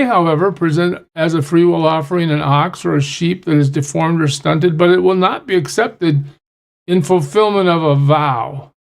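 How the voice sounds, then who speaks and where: A man's voice: high-pitched, creaky. A man who leads a church Bible study, reading scripture aloud and then explaining it in plain, chatty asides. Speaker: pastor.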